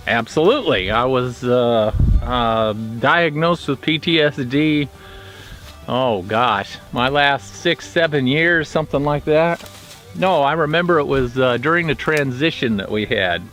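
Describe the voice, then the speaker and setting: A middle-aged man, a retired prison officer, telling his own stories in a plainspoken, blunt way, halting often with fillers. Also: fairly high pitch, bright, forceful tone. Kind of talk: casual storytelling monologue.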